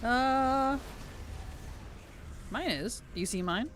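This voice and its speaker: A man streaming a video game, chatting in a playful, giggly and animated way. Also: extremely high pitch, slow, slight background noise. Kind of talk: casual gaming stream chat.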